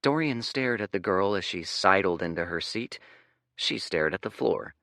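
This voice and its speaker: A man's voice: sits low, animated, moderate pace, vocal fry, sharp tone, dry recording, clean studio sound. A man narrating an audiobook expressively, switching into character voices. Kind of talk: scripted narration.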